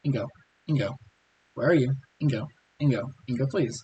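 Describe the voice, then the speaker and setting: A hoarse man reading a worried young man's lines, pleading and anxious. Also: mid-range voice, brisk, dark tone, lo-fi sound, slight background noise, natural voice. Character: worried devoted young man, frantic about his brother.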